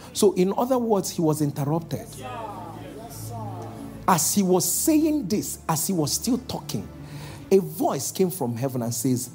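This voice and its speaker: A man preaching a sermon as pastor, calling out to the congregation and slowing down for emphatic lines. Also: a little high. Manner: calls out to the congregation, shifting between loud exhortation and slow emphatic lines.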